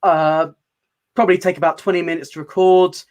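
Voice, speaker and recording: A man, a guest in a casual theatre chat, playful and quick to laugh. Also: high voice. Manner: laughs often, lively and playful.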